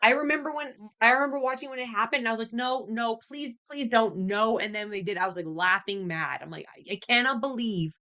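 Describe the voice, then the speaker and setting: A woman's voice: on the high side, fast, few pauses, pushed and bright. A young woman hosting a podcast, chatting casually and ranting with exasperation, often slipping into mocking put-on voices. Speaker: podcast host. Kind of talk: casual solo podcast chat.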